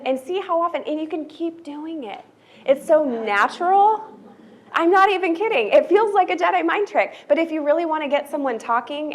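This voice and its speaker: A woman presenting a training workshop to college staff, speaking in a loose, conversational way and often checking in with "right?". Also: sits high. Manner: loose, filler-heavy delivery with restarts.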